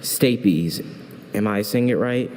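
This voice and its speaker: A man's voice: lowish voice, slow, darkish tone, a little hiss or hum. A male spelling bee contestant who asks many questions in a hesitant way before spelling. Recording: hall reverb, faint ambience.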